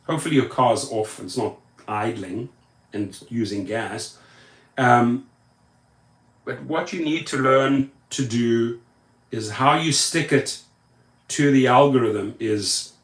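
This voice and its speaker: A man's voice: mid-range voice, takes it slowly, long pauses, reverberant. Emphatic man hosting a live stream. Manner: emphatic, repetitive chanting of words. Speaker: rideshare YouTube host. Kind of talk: live stream chat, reading viewer comments.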